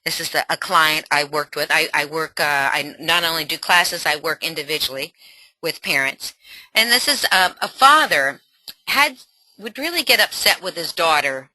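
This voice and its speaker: A middle-aged woman teaching a parenting webinar as a coach, in an animated and encouraging way. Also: low voice, moderate pace, dry recording.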